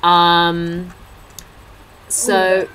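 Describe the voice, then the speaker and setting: A woman's voice: fairly low pitch, monotone, extremely slow, fairly bright tone, a little hiss or hum, low-quality recording. A young woman chatting into her laptop webcam at home, telling funny stories and acting out what others said. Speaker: vlogger. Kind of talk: casual chat. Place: indoors at a table at home.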